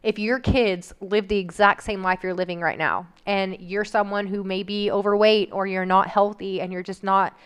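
A woman speaks candidly as a guest, her voice smooth and clear at a middle pitch. She talks casually, leaning on "like" as she works through an emotional personal story. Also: flat delivery, moderate pace, hardly any pauses. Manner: candid, emotional, frequent "like" fillers.

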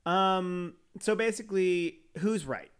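A man's voice: high voice, slow, clear, resonant tone. A man on a podcast reading an article aloud with casual asides, often stumbling over words and laughing at himself. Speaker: podcast host.

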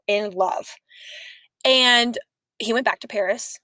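A young woman co-hosting a podcast, telling stories in a chatty, animated way. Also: on the high side, measured pace, dry recording. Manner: chatty, storytelling, animated asides. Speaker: podcast co-host. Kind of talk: casual chat.

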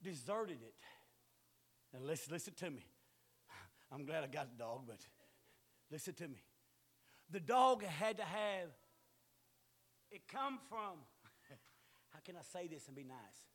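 A man's voice: on the high side, expressive, measured pace, long pauses, fairly bright tone, husky. A man, preaching a sermon in a folksy storytelling way that rises to hollering.

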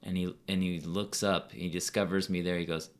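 Low-voiced rambling comedian guest, a man. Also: level tone, moderate pace. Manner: rambling storyteller, many fillers. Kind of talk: casual podcast chat.

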